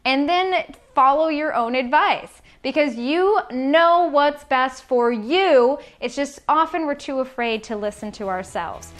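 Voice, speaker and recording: A woman with a bright, high-pitched voice speaks straight to her viewers in a motivational vlog. She coaches them earnestly through tips, encouraging and direct. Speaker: life coach. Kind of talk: motivational talking-head vlog.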